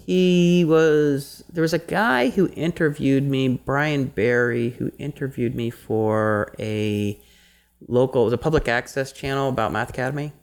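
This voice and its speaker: A man co-hosting a casual podcast chat, animated and rambling, often breaking into laughter. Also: mid-range voice, measured pace, clear, resonant tone. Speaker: podcast co-host.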